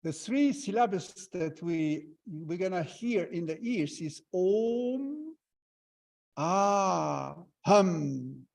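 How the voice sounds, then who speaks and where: Slow, high-voiced man guiding meditation. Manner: slow, calm step-by-step instructions with long pauses. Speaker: meditation teacher. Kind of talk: guided breathing meditation.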